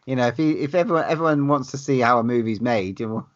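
Excitable man gushing about a cult film. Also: medium pitch, quick pace, muffled recording. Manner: enthusiastic, sweary, laughs between phrases. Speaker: podcast co-host. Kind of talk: casual film chat.

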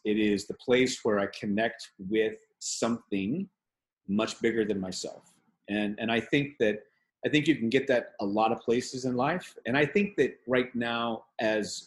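Rambling earnest low-voiced man. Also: rough recording. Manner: rambling, many restarts, earnest. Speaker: interviewee, league CEO. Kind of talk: casual reflective interview talk.

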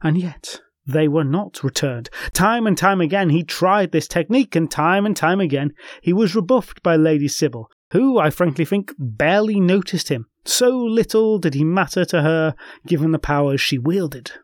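A man's voice: a little high, lively intonation, normal speed, no echo, clean studio sound. A man hosting a folklore podcast, telling the tale with wry personal asides. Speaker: podcast host. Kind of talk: scripted folklore storytelling.

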